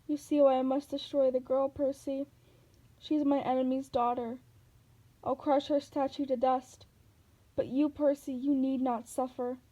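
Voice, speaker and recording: Storybook villainess: woman reader voices a coaxing old monster woman, purring, warm tone. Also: sits high, flat delivery, unhurried, low-quality recording. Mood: purring menace. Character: Medusa as sweet old woman, scheming female monster.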